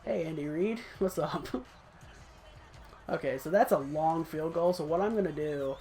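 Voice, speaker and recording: A man's voice: a little high, moderate pace, mellow, soft background music. A man casually commenting on his own football video game match, chatty and self-critical, breaking into short laughs. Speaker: gaming channel host.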